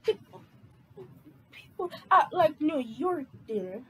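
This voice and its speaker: A woman doing a shrill ranting city guy. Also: very animated, slow pace, a little hiss or hum, heavily acted, low-quality recording. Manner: shouting, ranting, voice jumping high.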